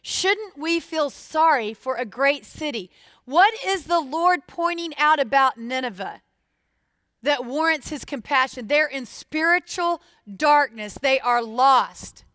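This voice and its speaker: A woman preaching a sermon, expressive and putting questions straight to her listeners. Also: sits high, measured pace, no echo, studio quality.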